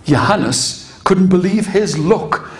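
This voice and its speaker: A middle-aged man telling a story live to an audience, animated and playful, drawing listeners in. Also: sits high, slow. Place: live performance venue with audience. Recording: echoey live room with crowd noise.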